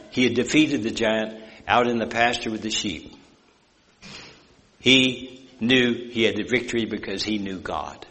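A man's voice: medium pitch, fairly bright tone. A man preaching a sermon in a folksy, rambling way, telling a story with many asides. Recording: long hall reverb.

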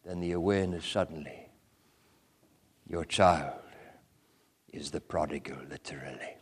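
A man preaching a sermon with passion, moving between loud cries and hushed whispers. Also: low-pitched, measured pace, big-room sound, a little hiss or hum.

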